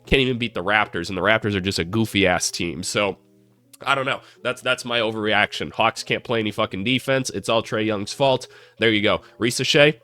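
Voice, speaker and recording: A man who hosts a basketball channel, talking casually and jokingly about games in a hoarse, sick voice, cursing freely. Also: fairly low pitch, fairly quick, bright, forceful tone, soft background music. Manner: joking, profane, self-deprecating. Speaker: basketball commentary channel host. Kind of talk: casual sports commentary.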